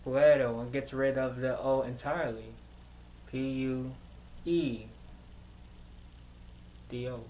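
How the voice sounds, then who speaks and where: Slow, hesitant male language learner. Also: mid-range voice, steady tone, darkish tone, poor audio. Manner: hesitant, searching, many filler sounds. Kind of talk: thinking aloud while practicing.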